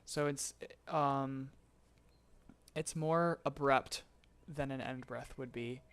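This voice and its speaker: A man explaining vocal tuning in a relaxed live-stream tutorial, chatting and laughing with his chat between explanations. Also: mid-range voice, takes it slowly, clean tone. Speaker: streamer teaching voicebank tuning.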